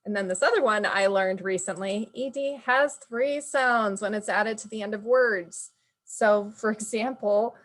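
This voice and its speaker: A woman teacher presenting spelling patterns in an online meeting, explaining and correcting herself as she goes. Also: medium pitch.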